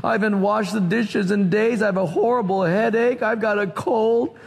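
A man's voice: high voice, steady tone, moderate pace, vocal fry, slightly rough, exaggerated voice. A man voicing a worn-out mother who sounds weary and complains, in a large echoing hall. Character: worn-out, tired mother with sick kids. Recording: long reverb of a large hall.

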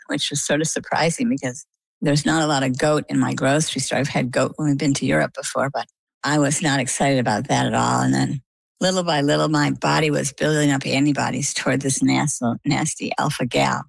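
An older woman with a low voice that has a gravelly edge. She is an interview guest telling her story in a chatty, lively way and acting out what people said to her. The sound is close and dry. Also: a little fast, dry recording. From coastal Maine. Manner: chatty, vivid retelling with quoted dialogue. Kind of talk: conversational storytelling.

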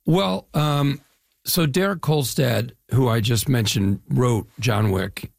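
A man's voice: medium pitch, slow pace, no echo, studio quality. An older man from the Chicago area, an actor guest, telling stories in a casual interview with fillers and repeats. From Chicago area, US Midwest. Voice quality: gravelly, husky. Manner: enthusiastic storytelling with fillers and repeats.

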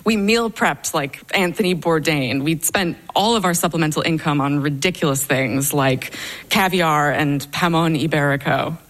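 A woman's voice: deep voice, normal speed, a bit bright. A young adult woman telling a personal story on stage, with a wry, dryly humorous delivery.

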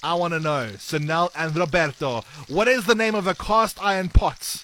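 A man hosting a radio breakfast show, running a quiz with energetic, playful banter. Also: fairly high pitch, moderate pace. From South Africa.

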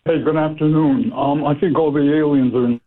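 A man's voice: a little high, steady tone, fairly quick, no room sound. A man calling in to a radio show, rambling and hesitant. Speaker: caller. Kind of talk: call-in radio chat. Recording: phone line.

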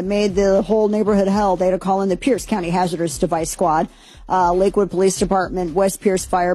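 A woman's voice: medium pitch, warm tone, breathy edge, no room sound. A woman talk show host, giving a casual, rambling rundown of news stories with lots of fillers.

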